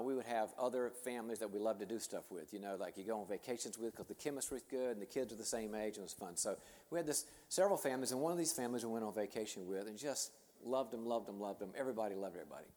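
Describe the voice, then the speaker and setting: A middle-aged man giving a conversational, self-deprecating talk to leaders, telling personal stories in an animated way. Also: on the low side, fast talker. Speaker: speaker and author addressing leaders. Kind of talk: conference talk with personal storytelling. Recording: long hall reverb.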